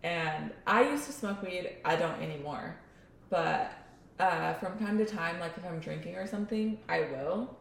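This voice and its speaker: A woman's voice: on the low side, unhurried, gravelly, far from the mic. A young woman co-hosting a podcast, chatting casually and joking along. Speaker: podcast co-host. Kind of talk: casual chat. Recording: roomy echo, faint noise.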